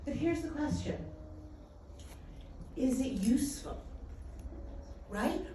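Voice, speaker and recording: A middle-aged woman giving a personal testimony talk, telling her story in a lively way and acting out what people said. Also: high-pitched, slow. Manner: animated storytelling with acted-out quotes. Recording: echoey hall, distant mic, faint noise.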